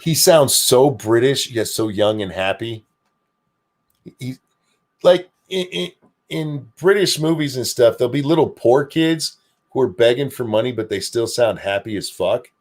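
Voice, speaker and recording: A man's voice: mid-range voice, measured pace. An older man hosting a casual streamed talk show, swearing freely and joking about himself. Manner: profane, animated, self-deprecating. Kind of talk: casual chat.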